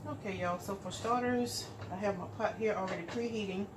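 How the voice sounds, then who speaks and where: A middle-aged woman, chatting homey and relaxed to viewers as she cooks in her kitchen. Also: medium pitch, a little fast, background noise. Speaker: cooking channel host. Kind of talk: casual cooking vlog chat. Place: home kitchen.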